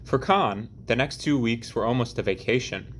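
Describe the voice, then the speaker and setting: A man narrating an audiobook chapter in a measured, deliberate reading. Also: medium pitch, slight background noise. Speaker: audiobook reader.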